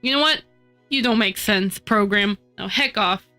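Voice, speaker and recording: A woman streaming while she models in 3D, scolding her software in exasperated outbursts, her nose stuffy from a cold. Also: medium pitch, a little slow, soft background music. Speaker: VTuber streamer. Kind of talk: casual live-stream chatter while 3D modeling.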